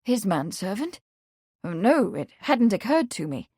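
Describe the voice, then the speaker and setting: A woman doing a kindly Victorian gentleman. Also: mid-range voice, big pitch swings, slightly rough, no room sound, clean studio sound. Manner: kindly, measured.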